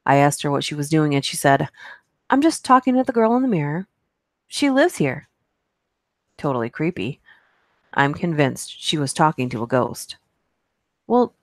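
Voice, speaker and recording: Reading creepy stories on her live stream, an American woman hosts with chatty asides in between and laughs at herself now and then. Her voice is deep, captured in studio quality with no room sound.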